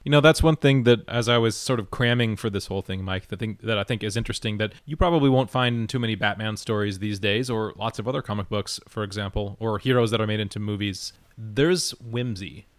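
A man with a low voice, recorded dry and close, speaks thoughtfully on a podcast. His sentences run long and wind through his point. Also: brisk, hardly any pauses, dry recording. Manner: long, reflective, winding sentences. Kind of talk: casual discussion.

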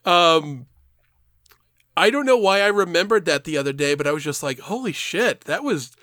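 A man with a somewhat high voice tells a meandering story in casual podcast chat, cursing freely and chuckling between his thoughts. He sits close to the mic in a dry, deadened room. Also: animated, normal speed, sharp tone, smooth, no room sound. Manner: rambling, swears freely, laughs mid-story.

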